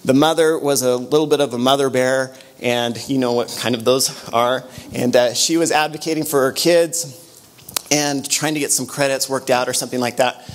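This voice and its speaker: A middle-aged man, giving an animated motivational conference talk full of stories and quick restarts. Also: mid-range voice. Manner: storytelling, animated, with frequent restarts. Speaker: conference speaker. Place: conference room.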